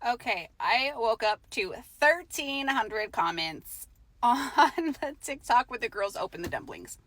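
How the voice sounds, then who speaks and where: A woman's voice: on the high side, expressive, unhurried, a bit bright. A woman from Utah speaking as a mother in a video clip, firm and insistent. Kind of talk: talking to a phone camera.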